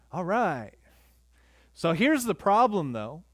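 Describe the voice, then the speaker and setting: Male pastor, conversational earnest sermon, voice a touch high, recorded dry. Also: dry recording. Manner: conversational preaching, earnest, with quick asides.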